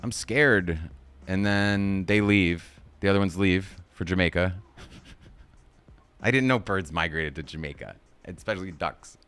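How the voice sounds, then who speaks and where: A man's voice: sits low, unhurried, a bit bright, clear, resonant tone. A man recapping a kids movie on a live stream in a casual, rambling way, swearing often and laughing at his own jokes.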